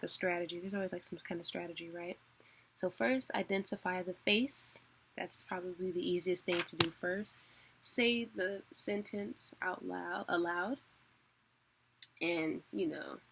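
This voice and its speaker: Slow-talking woman with a gravelly voice. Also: fairly low pitch. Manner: relaxed, chatty, laughs often, fillers like "like" and "um". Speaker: teacher of a weekly online class. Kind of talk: casual spoken lesson.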